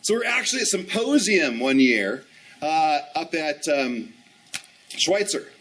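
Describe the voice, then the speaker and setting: A man's voice: fairly high pitch, sing-song, a little slow, a bit bright, far from the mic, poor audio. A man in his fifties giving a training talk, telling a story animatedly and acting out the dialogue. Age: 50s. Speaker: ski instructor trainer. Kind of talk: storytelling presentation.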